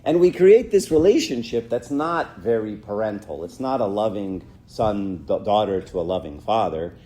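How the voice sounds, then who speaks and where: A middle-aged church speaker gives an informal talk to young people, chatting with them, often asking "right?" and acting out short quotes. His voice is fairly low and warm, with lively intonation and a moderate pace, over slight background noise.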